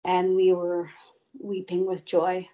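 Slow, earnest woman telling her story. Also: on the low side, monotone, dark tone, lo-fi sound. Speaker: interview guest. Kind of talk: personal faith testimony.

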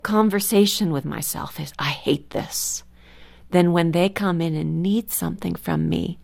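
A woman's voice: lowish voice, moderate pace, vocal fry. A woman who is a mother and a guest on a radio show, telling stories and acting out family scenes. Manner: warm storytelling, acts out family scenes. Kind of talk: casual studio conversation.

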